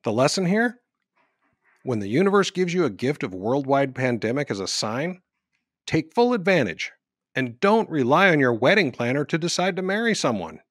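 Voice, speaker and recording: Guy narrating w sarcastic commentary, bouncy lively pitch, super dry close sound. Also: normal speed, dry recording. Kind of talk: scripted sardonic commentary.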